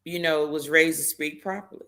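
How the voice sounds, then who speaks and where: A middle-aged woman co-hosting a live stream, telling her side in an emphatic, animated way. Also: deep voice, normal speed. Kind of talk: casual live stream chat.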